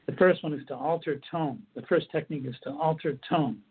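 Husky guy explaining coping stuff, kinda repeats himself, sounds like a phone line. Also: fairly high pitch, a little fast. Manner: earnest, repetitive, restarts phrases while explaining. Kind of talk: instructional talk. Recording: tinny phone-like audio.

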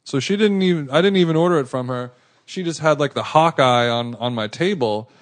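In a fairly high voice and at a fairly quick clip, this male co-host rambles through an anecdote in casual podcast talk. He keeps restarting and performs the quoted lines with animation.

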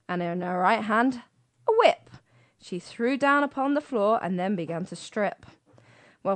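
A British woman co-hosting a radio show, teasing and hurrying her co-host in casual banter. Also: on the high side.

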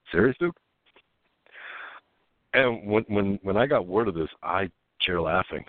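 A man's voice: medium pitch, very animated, moderate pace, long pauses, dry recording. A man co-hosting a political talk radio show, telling stories animatedly and laughing as he goes. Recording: phone-line quality.

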